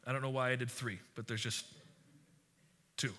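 A man's voice: mid-range voice, normal speed. A man in his thirties preaching a sermon as pastor, talking conversationally and acting out the people in his stories. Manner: conversational and animated, with acted-out quotes and asides.

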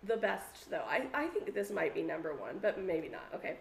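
A woman co-hosting a podcast in casual chat, an animated storyteller who swears freely. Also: on the low side, moderate pace, gravelly, roomy sound, slight background noise. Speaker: podcast co-host.

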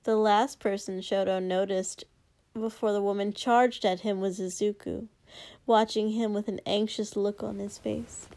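A woman narrating a story aloud in a steady, unhurried reading. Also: medium pitch. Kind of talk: reading fan fiction aloud.

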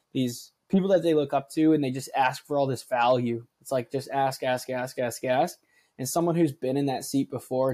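Young male podcast co-host, lively storyteller, medium pitch, casual and loose. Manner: animated storyteller, swears, acts out quotes.

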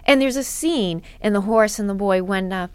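A woman giving a devotional teaching talk to preachers, earnest and emphatic, with repeated phrases and soft drops to a near whisper. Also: mid-range voice, moderate pace, smooth, dry recording. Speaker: preaching instructor.

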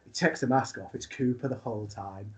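A man telling an animated story as a wrestler guest on a talk show, laughing as he goes. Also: medium pitch, brisk. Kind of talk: casual storytelling.

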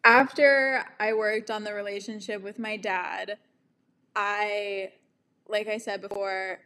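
A woman's voice: mid-range voice, fairly even intonation, slow, bright, forceful tone. A woman in her twenties talking candidly to camera about her relationships and self-love, frank and profane, laughing at herself. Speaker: vlogger. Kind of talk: candid personal storytelling to camera.

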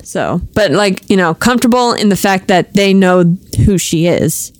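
A woman's voice: mid-range voice, animated, normal speed. A woman chatting on a podcast as a tabletop game player, explaining at length with fillers. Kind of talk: casual podcast chat.

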